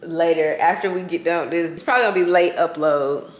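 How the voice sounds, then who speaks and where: A woman's voice: lowish voice, fast talker. A tired woman vlogger chatting casually to camera at home, calling her viewers y'all and friend. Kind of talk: casual vlog chat to camera. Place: her home, indoor rooms. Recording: echoey room at home.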